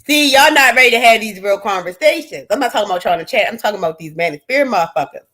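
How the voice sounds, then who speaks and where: A woman holds forth on a livestream. She is blunt and profane, swearing freely as she talks to her chat. Her voice swings between loud bursts and low asides. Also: lively intonation, rapid-fire. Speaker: livestream host. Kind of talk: casual livestream rant.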